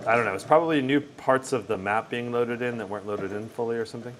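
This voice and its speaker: A man's voice: mid-range voice, fast talker, fairly bright tone, a little hiss or hum. A man hosting a live tech stream, casually commenting on gameplay while answering chat questions. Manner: casual, thinking aloud with fillers.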